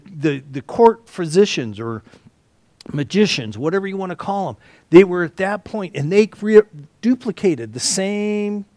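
A high-pitched man leads a Bible study, alternating loud emphasis with hushed asides and often restarting sentences and clearing his throat. There is no room sound in the recording.

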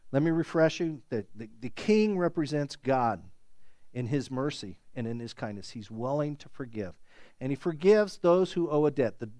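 A pastor preaching a sermon, emphatic and animated, repeating words for stress. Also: male voice, a little high, no echo.

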